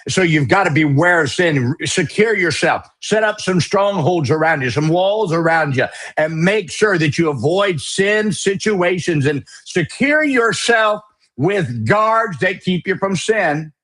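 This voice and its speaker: A middle-aged man preaching a sermon as pastor, forceful and emphatic, with folksy, mocking asides. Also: high-pitched, animated, measured pace.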